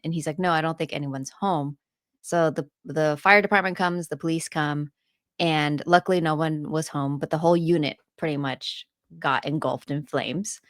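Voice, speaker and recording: A woman's voice: low voice, no room sound, studio quality. A woman co-hosting a podcast, telling a story in casual chat and laughing often as she retells it. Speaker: podcast co-host and landlord.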